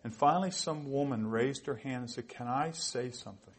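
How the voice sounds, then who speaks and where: A man's voice: medium pitch, a little fast, slightly rough. A man in his sixties preaching a sermon, telling personal stories with emotion, his voice catching with tears. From United States. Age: 60s. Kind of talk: sermon testimony.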